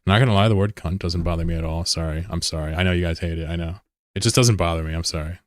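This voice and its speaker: A man's voice: low voice, quick pace, dry recording, clean studio sound. A man from the United States rambling and joking casually as he chats with his live-stream viewers. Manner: joking, rambling, answers chat messages.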